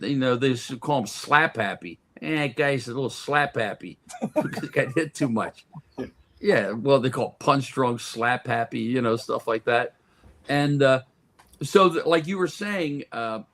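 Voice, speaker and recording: A man's voice: mid-range voice, animated, normal speed, a bit bright. A man who is a guest on a sports talk radio show, telling stories in a casual chat and often restarting and repeating words.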